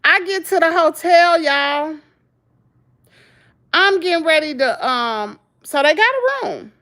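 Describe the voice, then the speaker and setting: A woman's voice: very high voice, slow. A Southern American woman vlogger telling a story in casual chat, acting out what people said and laughing often. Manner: animated storytelling, acts out quotes, frequent laughter.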